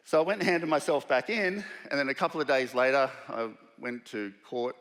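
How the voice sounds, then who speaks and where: A man's voice: mid-range voice, fairly quick, a bit bright. A man with an Australian accent telling a personal story to a live audience, acting out the voices of the people in it. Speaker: keynote speaker. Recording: long hall reverb.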